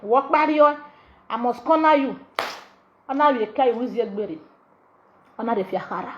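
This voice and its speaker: High-voiced Nigerian woman ranting. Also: lively intonation, moderate pace, slight background noise. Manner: scolding, insulting, mocking, sing-song repetitions. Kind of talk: ranting monologue in Nigerian Pidgin. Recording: dull lo-fi audio.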